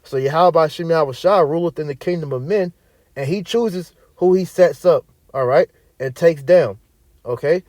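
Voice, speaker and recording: This man's voice sits a little high, with a moderate pace and a darkish tone in a dry recording. He preaches and teaches scripture emphatically and repetitively, often tagging points with "all right." He reads verses aloud in archaic wording and mutters away from the mic while searching.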